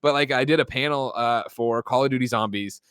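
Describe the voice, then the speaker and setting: A man's voice: mid-range voice, brisk, a bit bright, smooth, dry recording, studio quality. A man hosting a casual chat, telling rambling, digressive stories. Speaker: podcast host.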